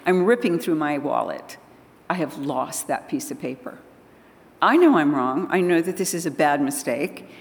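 An older woman with a fairly low voice tells personal stories to a church audience. She is lively and animated, playing out each conversation. Her voice rings with long reverb, as in a large hall. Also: normal speed. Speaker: speaker at a church gathering. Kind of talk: storytelling talk to an audience.

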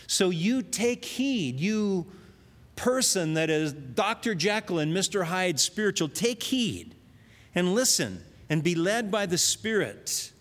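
Animated preacher with a high, lively voice. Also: male voice, slow pace, in a large hall. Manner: animated preaching, voicing God's words. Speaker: pastor. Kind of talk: sermon.

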